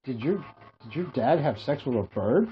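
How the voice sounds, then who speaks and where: Over dull lo-fi podcast audio with faint music and a little hiss or hum, this Hawaiian podcast co-host speaks at medium pitch and normal speed. He's expressive, spinning rambling funny stories in casual conversation and cracking himself up.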